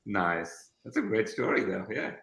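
Lively bright-voiced man in a roomy echo. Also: on the low side, unhurried. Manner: easygoing and jokey. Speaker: podcast co-host. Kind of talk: casual podcast chat.

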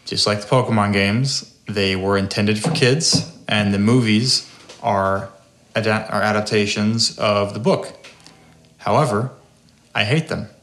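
A man's voice: lowish voice, a little slow, fairly bright tone. A man hosting a podcast, ranting in a profane, exasperated way during casual chat. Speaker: podcast host. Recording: roomy echo.

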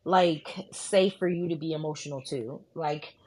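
A woman co-hosting a podcast in casual chat, animated, jokey and dramatic. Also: low-pitched, moderate pace. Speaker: podcast co-host.

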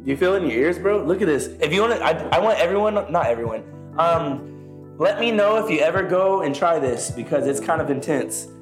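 A young man co-hosting a podcast in slangy, profane casual chat, telling animated stories. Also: on the high side, a little fast, faint music behind. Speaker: podcast co-host.

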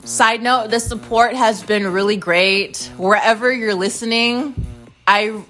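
A woman's voice: on the high side, steady tone, measured pace, a bit bright, faint music behind, rough recording. A woman hosting a casual solo podcast, rambling and swearing freely, often stuttering over repeated words. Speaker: podcast host.

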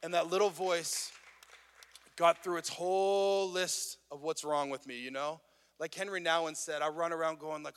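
A pastor speaks in a slightly higher man's voice, preaching in a conversational, earnest way that builds in intensity. His words ring out with the long reverb of a large hall. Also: fairly even intonation, normal speed, fairly bright tone, clean tone. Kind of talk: sermon. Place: worship venue.

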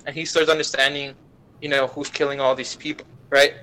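Through rough audio, a medium-pitched young man guesting on a podcast tells an anime's plot in a casual, profane way. He swears a lot and slips into quick impressions of the characters.

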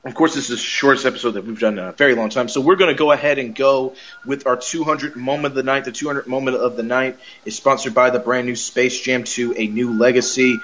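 A man hosting a podcast, recapping a TV episode in rambling, animated casual chat. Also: mid-range voice, fast, few pauses. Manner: rambling, animated, laughs often. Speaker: podcast host.

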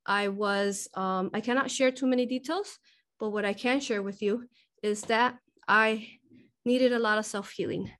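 Speaking at a moderate pace in a steady, somewhat bright mid-range voice, a host and hypnosis teacher leads a live spiritual Q&A talk. She is emotional, laughs frequently, and is slightly breathless.

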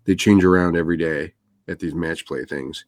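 Deep-voiced hesitant male host. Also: fairly even intonation, normal speed, dry recording. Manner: hesitant, full of fillers. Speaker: sports betting show host. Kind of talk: casual chat.

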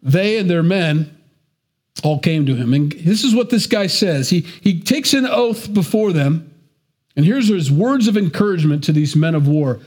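A man's voice: a little high, expressive, moderate pace, darkish tone, slightly rough. A man preaching a sermon to his congregation, talking conversationally with joking asides. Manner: conversational preaching with asides and self-deprecating jokes. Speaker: pastor.

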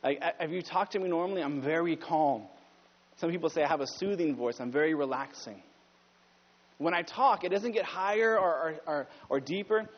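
A man preaching a conversational sermon as pastor, climbing higher and louder when he presses a point. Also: a little fast. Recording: dull sound with long hall reverb.

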